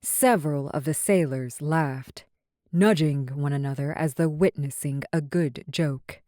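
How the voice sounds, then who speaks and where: A woman narrating a romance audiobook in a measured, even storytelling manner. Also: sits low, no echo, clean studio sound.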